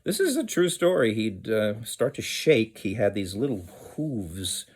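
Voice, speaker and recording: A man's voice: on the low side, sing-song, unhurried, a little mellow, breathy edge. A man, a children's musician, telling a story in a rambling, hesitant way with many fillers. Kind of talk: casual storytelling with sung song.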